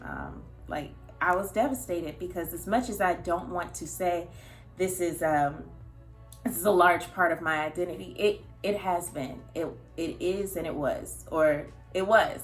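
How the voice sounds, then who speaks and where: A young woman speaking in a candid personal vlog. She is earnest and emotional, talking haltingly with frequent fillers and nervous laughs. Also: fairly low pitch, animated, soft background music. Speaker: vlogger.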